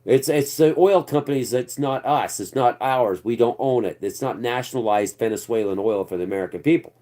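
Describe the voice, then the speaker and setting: A man's voice: medium pitch, brisk, mellow. A man hosting his own political commentary channel, ranting off the cuff in a rambling, sarcastic and profane way.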